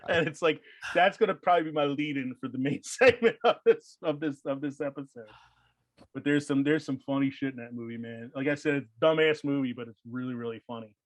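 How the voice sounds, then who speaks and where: A man's voice: medium pitch, fairly quick, no echo, low-quality recording. A man hosting a casual podcast chat, rambling with lots of fillers and frequent laughs. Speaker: podcast host.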